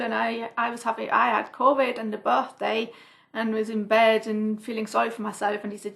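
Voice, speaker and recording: A woman's voice: on the high side, little pitch movement, moderate pace, gravelly, fairly bright tone. A woman vlogger chatting casually to camera from home about her cross-stitch projects, rambling with many asides.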